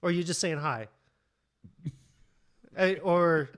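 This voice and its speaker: A man's voice: a little high, slow, fairly bright tone. A man, a guest, telling a story in a rambling, laughing way with lots of swearing, over a video call. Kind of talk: casual storytelling chat.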